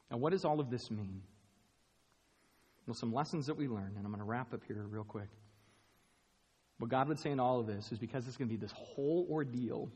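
A man preaching a sermon, animated and rising to loud, emphatic bursts. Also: mid-range voice, slightly rough. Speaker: pastor. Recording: long hall reverb.

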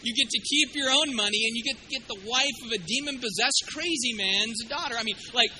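A man preaching with a very high, piercing bright voice. He retells scripture casually, cracks jokes and suddenly gets loud when acting out lines. A faint room hum sits behind him. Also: brisk, rough recording. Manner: animated, joking, acts out quotes with sudden loud bursts. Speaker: pastor. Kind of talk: sermon.

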